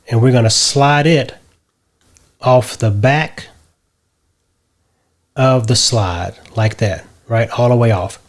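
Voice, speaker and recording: Man walking through a software tutorial. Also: mid-range voice. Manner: step-by-step, often adds a checking "right?". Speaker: tutorial host. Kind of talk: screen-recorded software tutorial.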